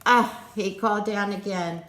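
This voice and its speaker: A woman reading a picture book aloud to children, gentle and playful, inviting them to join in. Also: medium pitch, steady tone, a little slow, echoey room.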